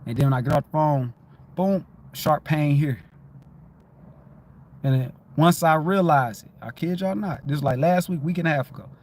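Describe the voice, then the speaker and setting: A man talking casually on a livestream, telling a story in a lively way, repeating himself and swearing freely. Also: on the high side, moderate pace. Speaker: livestream host. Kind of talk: casual spiritual livestream talk.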